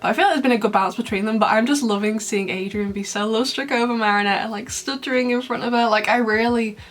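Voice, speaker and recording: A woman's voice: on the high side, fast talker. A young woman chatting casually to camera, bubbly and rambling, laughing often. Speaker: YouTuber reviewing fan memes.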